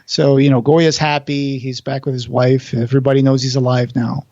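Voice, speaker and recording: A man on a podcast, casually retelling a play's plot, acting out the quoted lines and pausing with fillers. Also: medium pitch, level tone, warm tone, dry recording, dull audio. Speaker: podcast co-host.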